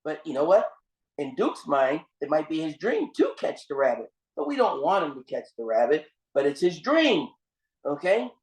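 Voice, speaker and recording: A man's voice: on the high side, very animated, normal speed. A man giving a motivational seminar talk, preaching, repeating his phrases and calling his listeners "gang" as he tells a story. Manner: storytelling with restarts and emphatic swings. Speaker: seminar speaker. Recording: roomy echo.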